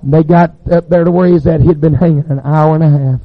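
A man, preaching a sermon as a fervent storyteller with dramatic pauses. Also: on the high side, fairly even intonation, phone-quality sound.

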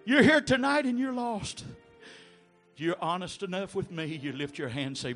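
A man preaching an altar call, pleading and swinging from low murmurs to shouted appeals. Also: normal speed, faint music behind. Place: church sanctuary.

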